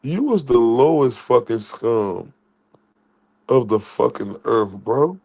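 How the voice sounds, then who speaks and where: A livestream host from Dallas, Texas delivers a heated rant full of profane, repetitive insults. His mid-range voice is animated yet slow, gravelly and darkish in tone.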